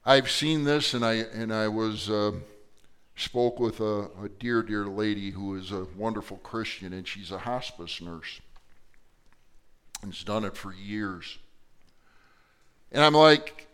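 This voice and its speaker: Man preaching with a smooth voice. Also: on the low side, takes it slowly, long pauses. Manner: storytelling, rising to loud emphatic preaching. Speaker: pastor. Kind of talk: sermon.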